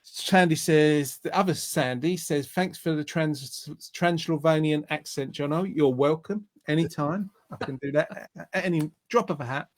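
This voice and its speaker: A man's voice: a little high, moderate pace, few pauses. A man hosting an online show over a video call, reading out viewer comments in a chatty, rambling way, often restarting his sentences. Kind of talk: casual live-stream chat, reading out viewer comments.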